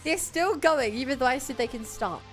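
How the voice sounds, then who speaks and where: A woman's voice: sits high, expressive, fairly quick, music in the background. A woman streamer giving casual, playful commentary while she plays, joking with chat and laughing often.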